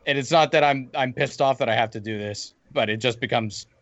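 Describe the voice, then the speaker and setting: A man's voice: medium pitch, fairly quick, fairly bright tone, no room sound. A man in a casual gaming chat, venting and rambling with restarts. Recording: dull lo-fi dry mic.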